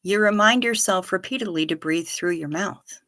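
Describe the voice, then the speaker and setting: Bright-voiced, profane livestream host woman. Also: lowish voice, normal speed. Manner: profane, sarcastic, chatty. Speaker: livestream host answering chat. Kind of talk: casual chat.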